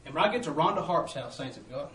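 A man preaching a testimony sermon and calling out to the congregation, switching between loud bursts and hushed asides. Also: on the high side, animated, fast, echoey room, far from the mic, low-quality recording.

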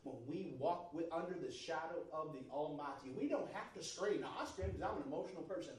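A man preaching a sermon to a congregation, moving from quiet, steady talk to loud, fervent shouting. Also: on the high side, brisk, recorded from a distance. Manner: builds from soft to shouting fervor. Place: church service. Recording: roomy church sound from off-mic. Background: congregation responses.

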